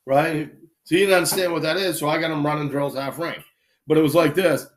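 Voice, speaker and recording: A man casually telling animated anecdotes on a live stream, acting out quick voices as he goes. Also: a little high. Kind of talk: casual storytelling.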